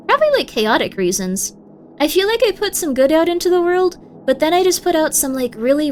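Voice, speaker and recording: A young woman streaming live, chatting casually with her viewers and breaking into sudden high, excited shouts.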